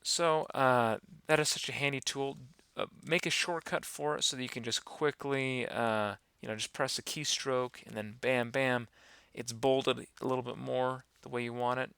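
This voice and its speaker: A man giving a relaxed, rambling software tutorial, talking through each step with many fillers. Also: mid-range voice, normal speed, vocal fry, hardly any pauses, clean tone, dry recording. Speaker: animation instructor. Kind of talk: screen-recorded software tutorial.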